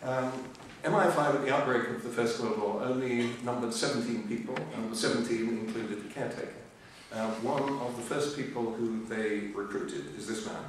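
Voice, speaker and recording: An older man giving a history lecture, full of ums and uhs, with dry humour. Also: lowish voice. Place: lecture hall. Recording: echoey hall, voice from far off, faint hiss.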